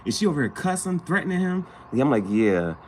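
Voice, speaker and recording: A man with a high voice talks quickly over slight background noise. He's vlogging in a slangy, animated way, telling a casual story and acting out the people he quotes.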